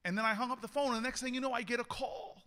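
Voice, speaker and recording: A high-voiced man with a sharp, bright tone delivers a rousing political speech. He tells his story with frequent laughs and climbs to shouted rallying calls. His voice rings out with a long echo through a large hall. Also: fairly even intonation, very fast. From United States. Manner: laughs often between lines. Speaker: mayor giving a political speech.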